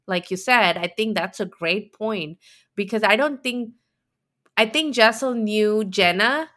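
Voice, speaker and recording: Bright-voiced woman podcast host. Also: mid-range voice, measured pace. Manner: reflective, explains at length. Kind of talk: casual chat.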